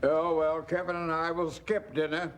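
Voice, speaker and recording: A man's voice: fairly high pitch, flat delivery, moderate pace, background noise, close to an everyday voice. An older man playing a grandfather in a sitcom, wry and jokey. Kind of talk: sitcom dialogue.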